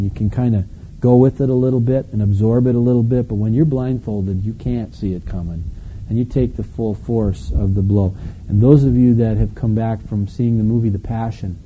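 A man's voice: on the low side, dark tone, dull audio, a little hiss or hum. A man from Wisconsin with a Wisconsin accent preaching a sermon, earnestly retelling the story and voicing the quoted lines. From Wisconsin, United States. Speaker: pastor.

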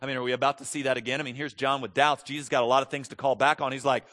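A man preaching a sermon in an animated, conversational way, moving between quiet asides and loud, emphatic stretches. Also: mid-range voice, rapid-fire. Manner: conversational, with frequent restarts. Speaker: pastor.

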